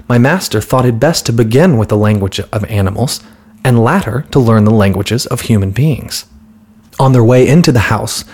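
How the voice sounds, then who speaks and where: Male narrator, deeper voice with some breathiness, steady children's storybook reading. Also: breathy edge. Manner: calm, steady storytelling with light voices for characters.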